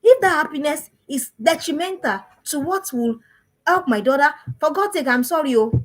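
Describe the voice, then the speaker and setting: A woman's voice: sits high, lively intonation, moderate pace, poor audio. A woman, a parenting coach giving an emphatic talk to parents and repeating phrases for stress.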